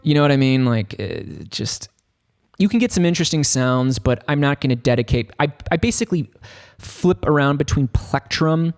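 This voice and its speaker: A man giving a casual, rambling tutorial on a software synth, talking loosely with lots of filler words. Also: on the high side, lively intonation, normal speed, faint music behind. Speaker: music production tutor. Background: faint synth keyboard notes.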